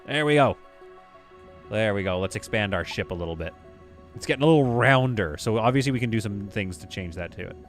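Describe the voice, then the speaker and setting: A man's voice: fairly low pitch, animated, fairly quick, faint music behind. A man casually talking through a game on a live stream, reading viewer comments aloud. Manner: casual, chatty, reads chat aloud.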